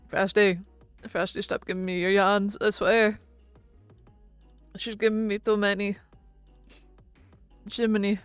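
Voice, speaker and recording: A woman's voice: medium pitch, little pitch movement, moderate pace, pauses often, clean tone, dry recording, soft background music. A woman streaming, chatting casually and giggling with her viewers, swearing now and then. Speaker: VTuber streamer.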